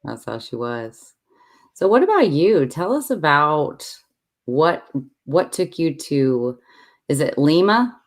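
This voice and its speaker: Easygoing livestream host, mid-pitched voice. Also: big pitch swings. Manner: easygoing, halting, thinks aloud. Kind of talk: casual livestream chat. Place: home with many devices running.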